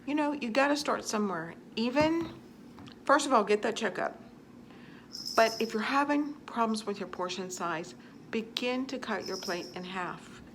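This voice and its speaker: A woman's voice: fairly high pitch, animated, moderate pace, a little hiss or hum. Chatty woman giving earnest advice. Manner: chatty, earnest, repeats phrases for emphasis. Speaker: vlogger answering viewer questions. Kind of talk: casual advice talk to camera.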